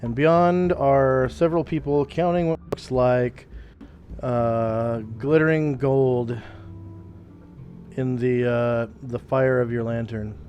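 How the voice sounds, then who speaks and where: A man acting as game master, narrating a room in measured description. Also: medium pitch, steady tone, a little mellow, muffled recording, soft background music.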